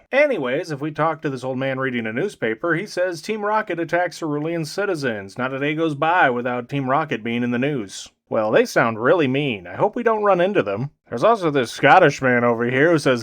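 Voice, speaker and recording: A young man giving comedic, sarcastic commentary on a video game, swinging between loud exclamations and dry mutters. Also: on the high side, lively intonation, moderate pace, few pauses. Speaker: gaming commentator.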